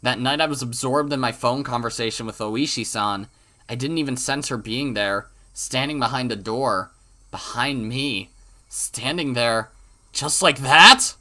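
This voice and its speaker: A man hosting a let's play reads a visual novel's narration aloud with dramatic flair, his voice bright and forward at a medium pitch and moderate pace. Now and then he breaks off for crude asides or trips over a word.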